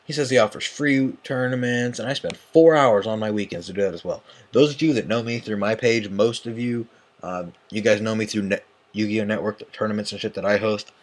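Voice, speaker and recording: A man's voice: fairly low pitch, fairly quick. A young man in a profane, agitated late-night rant, tired and yawning as he talks. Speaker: online tournament host. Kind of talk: ranting vlog.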